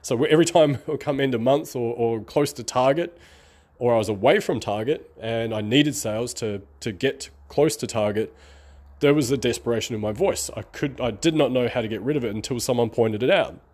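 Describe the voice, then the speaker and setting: A man's voice: mid-range voice, a little fast, darkish tone. Middle-aged man, Australian-New Zealand accent, slight lisp, drawls a little; candid, rambling vlogger talking straight to camera. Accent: between Australian and New Zealand. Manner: draws out his speech, rambling and candid. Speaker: online marketing vlogger. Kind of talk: casual talking-to-camera monologue.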